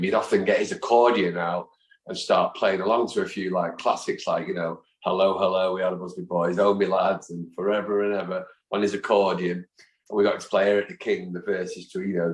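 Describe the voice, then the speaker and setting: A middle-aged man tells his stories in a lively, chatty way. His voice sits on the low side. The room gives the recording a noticeable echo. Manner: lively, chatty, animated anecdotes. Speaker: guest, football fan and chant songwriter. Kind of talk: anecdotal storytelling in conversation. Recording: roomy echo.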